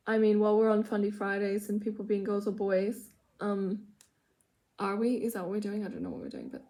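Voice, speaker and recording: A woman's voice: medium pitch, warm tone. A woman who has children, chatting loosely and self-mockingly while doing her makeup in her room at home. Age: adult with children. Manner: rambling, chatty, self-mocking, drops to mutters. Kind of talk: casual get-ready-with-me chat.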